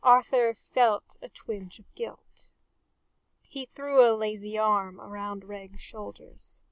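A woman reading a story aloud in a measured, expressive way. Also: medium pitch, no room sound. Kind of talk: storybook narration.

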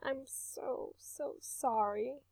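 A woman voicing a loving, worried mother who speaks softly and tenderly, in an audiobook reading. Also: sits high, unhurried, gravelly, no room sound, heavily acted. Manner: soft, tender, murmuring.

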